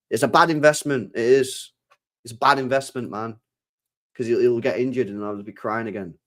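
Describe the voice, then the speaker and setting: A man, chatting casually to his live-stream chat, excitable and swearing a lot, often swinging between loud and quiet. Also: lowish voice.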